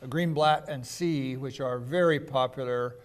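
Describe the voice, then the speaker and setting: A man's voice: mid-range voice, unhurried. Chatty man explaining a festival. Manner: chatty, explanatory, laughs often. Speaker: festival organizer guest. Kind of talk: casual interview chat.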